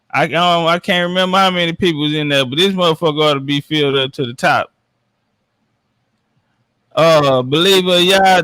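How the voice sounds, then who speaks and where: A man's voice: a little high, sharp tone, no room sound, clean studio sound. Brash trash-talking man. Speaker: podcast panelist. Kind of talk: boastful casual chat.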